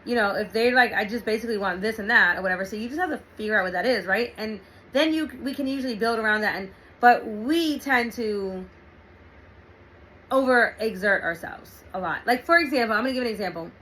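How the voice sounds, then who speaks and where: A middle-aged woman hosting a relationship talk, telling a personal story in a chatty, animated way with frequent laughs and fillers. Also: a little high, fairly quick, a little hiss or hum, poor audio. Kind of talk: casual storytelling monologue.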